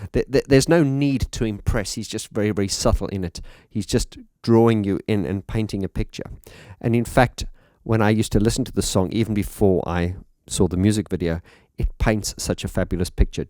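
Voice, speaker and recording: Mellow low-voiced man explaining a song. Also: no room sound, studio quality. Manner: thoughtful, warm enthusiasm, sings short demonstration phrases. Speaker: music teacher analysing songs.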